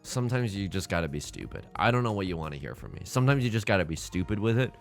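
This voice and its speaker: This let's play host has a deep, sing-song voice with vocal fry, racing along over faint background music. Playing a tile game, he keeps restarting sentences, mocks himself, exaggerates his despair, and mentions being tired after little sleep.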